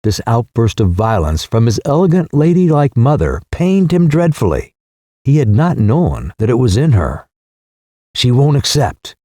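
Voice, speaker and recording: A male audiobook narrator reading a classic novel in a measured, expressive manner. His pitch ranges widely and his tone is mellow and warm. The recording is dry and close. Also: no echo. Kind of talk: scripted narration.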